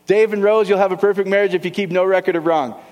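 A middle-aged male pastor preaching a sermon in a church hall, lively and joking, firing rhetorical questions at the congregation. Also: sits high, quick pace. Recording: long hall reverb.

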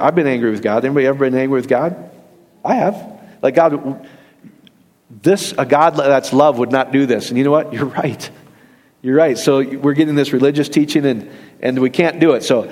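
A man preaching a sermon in a lively, conversational way, acting out quoted voices as he talks to his congregation during a church service. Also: on the high side, big-room sound. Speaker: pastor.

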